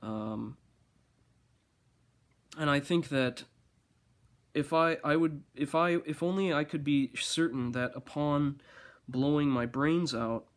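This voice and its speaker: A man speaks at an ordinary middle pitch in a loose, rambling monologue. He talks with dry sarcasm and mock-grand formality, often stopping and restarting his sentences. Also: slow pace, long pauses.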